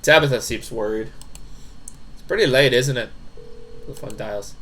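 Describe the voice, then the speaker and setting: A man streams a horror game live, reading every character's dialogue aloud. He jumps and swears at the scares. His voice sits at a middling pitch for a man. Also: measured pace, pauses often, bright, forceful tone. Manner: jumpy, swears and reads dialogue in shifting voices.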